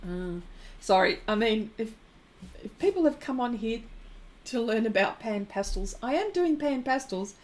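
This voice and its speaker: Slow, giggly New Zealand woman. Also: on the high side, expressive. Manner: giggly, laughs often between remarks. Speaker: art livestream host. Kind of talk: casual chat while painting, reading viewer comments.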